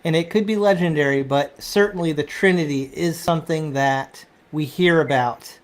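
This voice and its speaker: A man hosting a casual conversation, talking haltingly with restarts and throat clearing. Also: a little high. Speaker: host. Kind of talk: casual chat.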